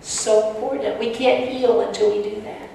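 Woman sharing her testimony, earnest and emotional, kinda raspy fry, far from the mic. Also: fairly high pitch, steady tone, moderate pace, dark tone. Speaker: speaker sharing personal testimony. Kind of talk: personal testimony talk to an audience. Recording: echoey hall from far off, faint noise.

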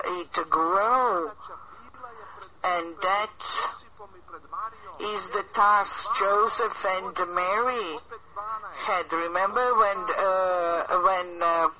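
A man preaching an earnest sermon, often addressing "brothers and sisters" and pausing with small hesitations. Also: sits high, bright, forceful tone, rough recording. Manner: earnest and exhorting, with frequent hesitations.

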